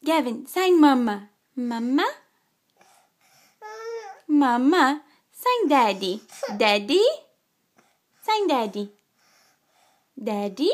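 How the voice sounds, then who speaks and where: A woman coaching her toddler to sign words, speaking slowly and clearly, drawing out each word and offering frequent praise. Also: animated, fairly bright tone. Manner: slow and clear, drawn-out words with frequent high-pitched praise. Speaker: mother teaching her toddler sign language. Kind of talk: slow, sing-song coaching of a toddler.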